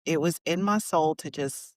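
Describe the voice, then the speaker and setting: A woman's voice: low voice, normal speed, no echo. A woman hosting a podcast, chatting casually and laughing often. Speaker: podcast host.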